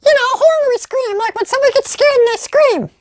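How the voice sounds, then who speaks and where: Very high-voiced teasing woman. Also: fast talker, no room sound, clean studio sound. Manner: teasing, giggly. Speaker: co-host. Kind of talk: casual banter.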